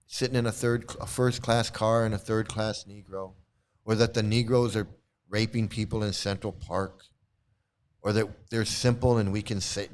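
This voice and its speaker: A man's voice: on the low side, little pitch movement, measured pace, smooth. A man giving critical commentary, sarcastic and swearing, now and then mocking other voices. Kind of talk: critical commentary on read-out quotes.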